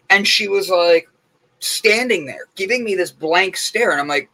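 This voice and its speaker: A man's voice: on the high side, fairly quick, sharp tone, low-quality recording. A man hosting a morning talk show, chatting casually and rambling through stories with many fillers. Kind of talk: casual chat.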